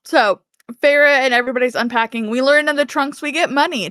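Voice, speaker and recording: A woman's voice: sits high, a little fast, fairly bright tone, no echo, studio quality. A woman co-hosting a podcast, telling a book's plot casually and acting out characters' lines with laughter. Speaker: podcast co-host. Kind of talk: casual book recap chat.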